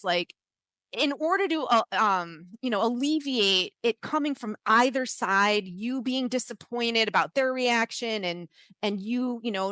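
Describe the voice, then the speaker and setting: A woman's voice: fairly high pitch, bright, forceful tone, no echo. A woman cohosting a podcast, giving casual advice in a rambling way with lots of restarts and fillers. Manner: rambling, many restarts and "you know"s.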